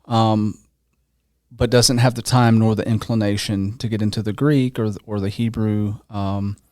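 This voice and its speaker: With a lowish, steady, slightly mellow voice at a moderate pace, a man hosts a conversational podcast interview. His questions run long and casual, full of fillers and restarts, in a dry, studio-quality recording.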